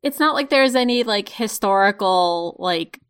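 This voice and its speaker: A woman's voice: mid-range voice, expressive, measured pace, fairly bright tone, clear, resonant tone. A woman co-hosting a casual podcast, chatty and wry, with frequent "like" fillers. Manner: chatty, filler-heavy, sarcastic. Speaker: podcast co-host. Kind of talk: casual chat about a TV episode.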